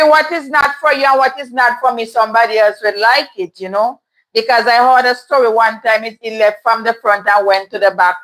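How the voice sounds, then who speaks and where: A woman's voice: mid-range voice, a bit bright, poor audio. A woman hosting a casual livestream, reading viewers' comments and answering them candidly. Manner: candid, chatty, laughs often. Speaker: livestream host reading chat. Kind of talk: casual live chat. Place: home in Toronto.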